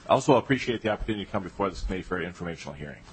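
A man's voice: deep voice, lively intonation, racing, a little hiss or hum. A man presenting a bill to a committee, hesitant with many fillers. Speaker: legislator.

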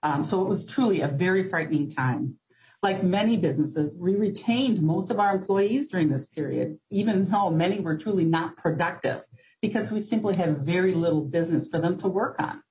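A woman with a lowish voice gives earnest, measured testimony before a committee, now and then pausing on an um. The audio is muffled and lo-fi, as from a hearing room feed. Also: expressive, a little mellow. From Minnesota. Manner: earnest, measured, occasional ums. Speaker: testifier, business owner. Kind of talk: formal public testimony.

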